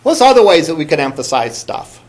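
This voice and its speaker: Lively man lecturing a college class. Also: fairly high pitch, brisk. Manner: conversational, asks the class questions, repeats students' answers. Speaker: college instructor.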